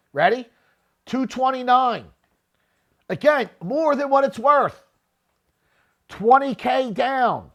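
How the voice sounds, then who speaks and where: A man's voice: very high voice, vocal fry. A middle-aged man hosting a real estate podcast, giving blunt, profane, unscripted commentary and often tagging his points with "okay?". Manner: grows louder and more heated, shouting at times.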